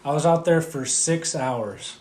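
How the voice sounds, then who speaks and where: A man's voice: a little high, a little slow, darkish tone. A man co-hosting a podcast, chatting casually and rambling with frequent swearing. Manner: profane, rambling. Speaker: podcast co-host. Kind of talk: casual chat. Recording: roomy echo, faint background hum.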